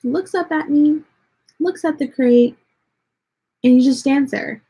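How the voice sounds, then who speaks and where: A woman's voice: high voice, unhurried, mellow, poor audio. A young woman with a Texan accent chatting bluntly and sarcastically on a livestream, filling her talk with "like". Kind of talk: casual livestream chat.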